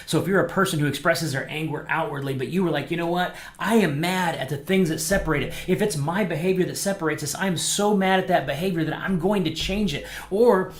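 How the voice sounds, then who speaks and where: A man's voice: a little high, brisk, hardly any pauses, echoey room. A man, a pastor, leading a casual small-group Bible lesson for online viewers, talking conversationally and acting out quotes. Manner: animated, acts out quotes, conversational fillers. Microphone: microphone, streamed to viewers.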